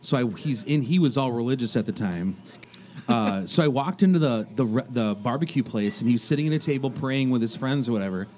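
A male radio host with a voice of ordinary middle pitch. He tells stories in a loose, casual way and laughs as he goes. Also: fairly quick. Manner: animated, laughing storyteller. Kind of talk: casual storytelling chat.

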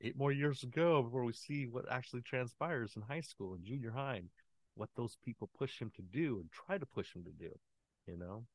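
A man's voice: medium pitch, a little fast, a little mellow, dry recording. A man in his forties, a guest in a casual interview, talking earnestly and with feeling. He often acts out what he says to his kids. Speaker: podcast guest. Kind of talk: casual heartfelt interview conversation.

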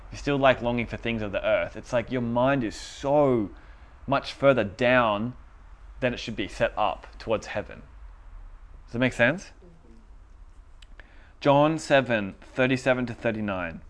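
A young man giving an informal, conversational sermon, animated and laughing at his own points. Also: mid-range voice, a little slow. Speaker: preacher.

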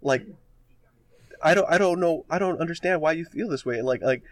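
A man's voice: fairly high pitch, normal speed, no room sound, voice pushed up, lightly acted. A man voicing a bewildered, earnest middle-aged husband who pleads and fumbles for words. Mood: pleading.

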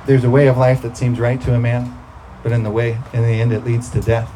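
A man's voice: medium pitch, monotone, brisk, dark tone, a little hiss or hum, low-quality recording. A man preaching a sermon, talking through scripture in a conversational way and breaking into emphatic bursts.

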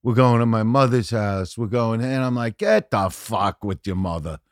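A man's voice: on the low side, normal speed, no echo, studio quality. Profane, rambling man telling stories. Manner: profane, rambling, full of "you know"; animated, often shouting punchlines. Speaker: podcast guest. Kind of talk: casual storytelling chat.

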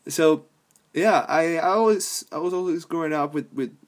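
A man's voice: fairly high pitch, a little slow. A young adult man hosting a podcast, rambling casually and swearing, laughing often between thoughts. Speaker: podcast host.

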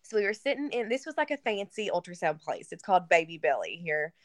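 A woman's voice: fairly low pitch, sing-song, fast, no echo, studio quality. Woman earnestly telling a personal story. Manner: casual, filler-heavy, earnest. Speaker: interview guest. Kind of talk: emotional personal story in conversation. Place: lives in Kentucky.

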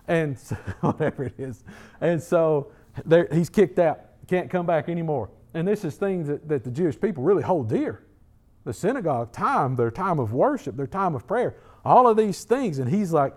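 A man's voice: fairly high pitch, very animated, moderate pace, darkish tone. A middle-aged man preaching a sermon in a conversational way, often repeating words as he builds emphasis. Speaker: pastor.

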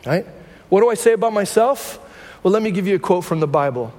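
High-voiced man preaching in a reverberant hall. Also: expressive, fast talker, darkish tone. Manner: conversational preaching, frequent rhetorical "right?". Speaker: pastor. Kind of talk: sermon. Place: church sanctuary.

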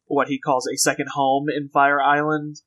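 A man's voice: medium pitch, little pitch movement, normal speed, a bit bright. A man co-hosting a podcast, rambling and joking through a casual comedic recap with many fillers. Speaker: podcast co-host.

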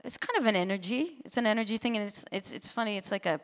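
A woman, a musician, talking openly in an interview, expressive and quick to laugh. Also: medium pitch. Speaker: musician guest. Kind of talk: interview conversation. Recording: long hall reverb.

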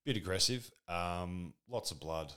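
A man's voice: sits low, expressive, a little slow, fairly bright tone, clean tone. A man rambling through a crude, sardonic comedic monologue.

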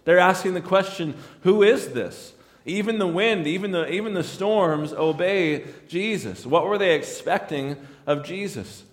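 Male pastor, slightly high voice, chatty sermon delivery with frequent restarts. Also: moderate pace, few pauses, big-room sound. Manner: conversational, repeats words and restarts lines.

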